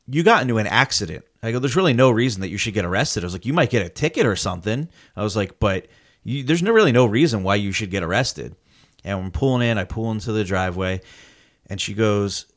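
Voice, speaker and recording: A man's voice: lowish voice, fast. A man telling a story in casual chat, acting out the quotes and swearing freely. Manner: animated storytelling with acted-out quotes.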